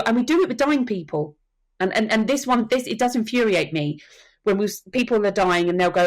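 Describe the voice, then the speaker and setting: Woman guest, earnest storyteller, mid pitch, chatty podcast guest. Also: animated, a little fast. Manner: earnest storytelling, acts out quotes. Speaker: soul midwife and death educator. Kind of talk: podcast conversation.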